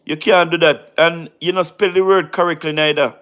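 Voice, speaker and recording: Tired jamaican guy on a live stream, kinda high voice, patois mixed in, says everything twice. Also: fairly even intonation, normal speed, fairly bright tone, clean tone. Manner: repeats phrases, mixes in patois, talks to chatters by name. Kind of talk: casual live-stream chat.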